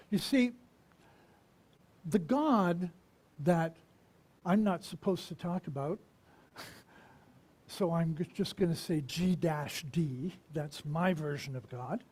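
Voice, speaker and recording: A minister giving a conversational sermon, asking the congregation questions and pausing to reflect. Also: mid-range voice, a little mellow, slightly rough. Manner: unhurried and reflective, with pauses.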